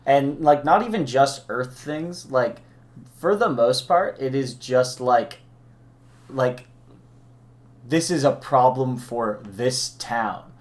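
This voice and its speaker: A man's voice: medium pitch, slow. A man with a mid-range voice chats casually about movies. He talks with plenty of fillers and laughs easily. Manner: chatty, laughs often, filler-heavy. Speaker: podcast co-host.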